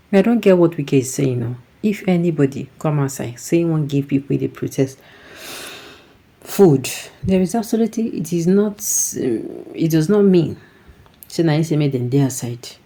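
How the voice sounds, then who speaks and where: A man's voice: a little high, dark tone. A Nigerian man hosting a news commentary show, reading out viewer comments and adding his own remarks, often slipping into Pidgin asides.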